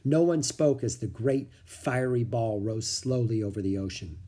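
A man narrating a children's book in an expressive storytelling manner. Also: medium pitch, normal speed.

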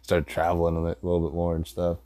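A man with a fairly low voice tells crude, rambling stories, swearing in nearly every line. He talks loosely and casually, and the recording is dry and close with no room echo. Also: monotone, quick pace, mellow. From rural dairy farm upbringing. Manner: profane, rambling, laughs at own stories. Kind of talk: casual comedic storytelling.

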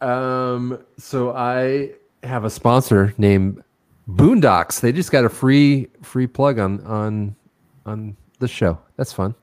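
A man co-hosting a podcast, telling a rambling, excited story in casual chat with some self-mockery. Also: medium pitch, slow, no echo, studio quality. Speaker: podcast co-host.

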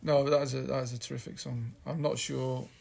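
A man talks casually about songs, pausing and restarting as he reads out lines. His voice is gravelly and a little husky. He speaks at a middle pitch. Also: little pitch movement, darkish tone. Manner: rambling, hesitant, reads out lyrics. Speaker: podcast host reviewing an album. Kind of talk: casual chat.

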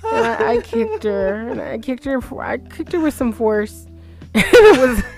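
A woman's voice: high voice, normal speed, over music. A woman co-hosting a podcast, telling a story in casual chat, acting out the other people's lines and laughing as she goes. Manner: animated, acts out quotes, laughs through story. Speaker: podcast co-host.

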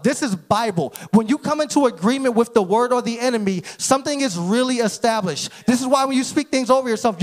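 High-voiced preaching man. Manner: energetic preaching, rising to shouts. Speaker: pastor. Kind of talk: sermon.

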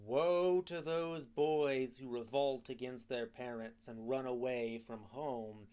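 A man voicing a hundred-year-old talking cricket in a storybook reading, lecturing calmly and solemnly. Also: mid-range voice, takes it slowly, clean tone, lo-fi sound, close to an everyday voice. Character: ancient talking cricket, calm and preachy.

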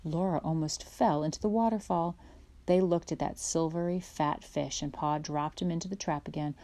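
A woman narrating a children's chapter book aloud in a gentle, unhurried way. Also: low-pitched, fairly even intonation. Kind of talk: storybook read-aloud.

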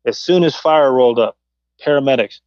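A middle-aged man and former police officer, chatting on a podcast and telling animated stories about the job. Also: a little fast, dry recording. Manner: animated storytelling, acts out quotes in a high voice. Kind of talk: casual podcast chat. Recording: dull, dry podcast audio.

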